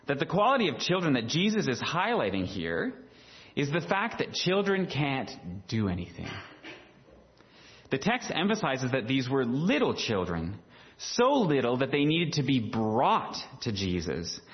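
A man's voice: mid-range voice, muffled recording. A man preaching a sermon in a conversational way, full of rhetorical questions and filler words. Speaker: pastor.

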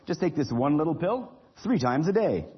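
A man's voice: fairly high pitch, sing-song, normal speed, husky, long reverb tail, muffled recording, full character voice. A man voicing a cheerful woman doctor who speaks in an upbeat voice.

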